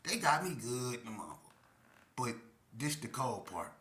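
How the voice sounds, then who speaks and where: Animated man telling a story, echoey room. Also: mid-range voice, normal speed. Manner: animated, acts out voices, slangy and repetitive. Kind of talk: casual comic storytelling.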